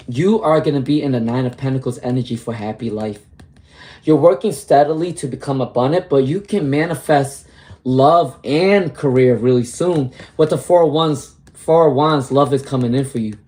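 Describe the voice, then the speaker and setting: A man's voice: mid-range voice, a little mellow. A man with a New York accent giving an upbeat, encouraging live tarot reading and answering viewers' questions. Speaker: tarot reader.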